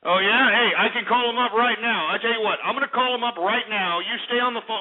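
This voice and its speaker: A man's voice: extremely high pitch, quick pace, hardly any pauses. A man hosting a call-in radio show, brash and mocking with a profane, taunting manner. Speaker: radio talk show host. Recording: tinny lo-fi radio recording.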